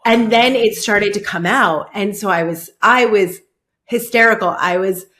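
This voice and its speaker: Woman hosting, halting, full of "like". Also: medium pitch, fairly bright tone. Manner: halting, heavy use of "like", many restarts. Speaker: podcast host. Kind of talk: casual personal storytelling.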